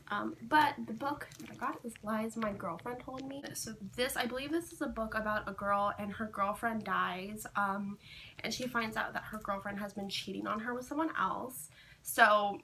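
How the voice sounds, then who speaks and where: A woman book vlogger talking casually to the camera, rambling with lots of fillers and gushing excitedly. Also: a little high, background noise. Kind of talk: casual chatty vlog.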